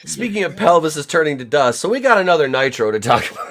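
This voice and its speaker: A man's voice: fairly high pitch, big pitch swings, quick pace, fairly bright tone. A man hosting a casual podcast chat, rambling and profane as he tells stories. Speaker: podcast host.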